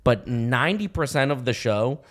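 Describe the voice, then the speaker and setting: Animated man telling stories. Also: mid-range voice, moderate pace. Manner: excitable storyteller, swears freely. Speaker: podcast co-host. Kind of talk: casual chat.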